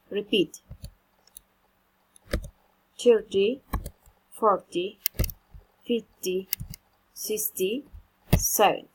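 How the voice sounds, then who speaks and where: A woman teaching English pronunciation, slowly drilling word stress one word at a time. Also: mid-range voice, steady tone, slightly rough, rough recording. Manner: slow, deliberate, stressing each drilled word.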